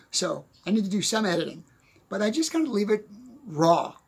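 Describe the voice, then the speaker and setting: A man talking casually into the camera from his desk at home, giving unscripted motivational advice, chatty and quick to laugh. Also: fairly high pitch, slight background noise. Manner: chatty, laughs often, repeats "okay?". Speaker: motivational speaker.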